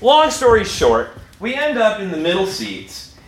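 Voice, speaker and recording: Man, storyteller, high and very lively voice, laughs through his telling, acts out his own lines, echoey room, noisy background. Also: measured pace. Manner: animated, laughs often while telling, acts out his own quoted reactions. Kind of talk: personal story told live.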